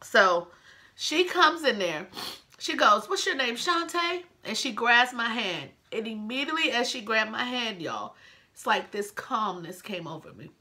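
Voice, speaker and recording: Young woman vlogger, bright higher voice, chatty and emotional, talks straight to her viewers. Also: very animated, measured pace. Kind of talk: casual storytime vlog.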